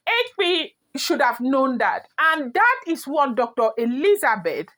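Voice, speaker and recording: Nigerian lady doing a gossip vlog, kinda high voice, keeps repeating herself for emphasis. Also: very animated, takes it slowly, fairly bright tone. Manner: emphatic, repeats phrases, rhetorical questions. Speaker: celebrity gossip vlogger.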